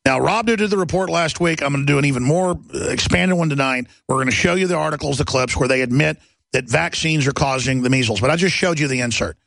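Gravelly ranting talk-show man. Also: fast, dry recording. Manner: loud, mocking, mimics others in shrill voices. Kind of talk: heated talk-radio rant.

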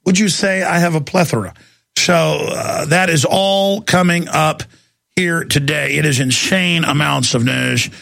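Male talk radio host, slightly high, gravelly fry, rambling and sarcastic, studio mic. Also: a little slow, fairly bright tone, no echo.

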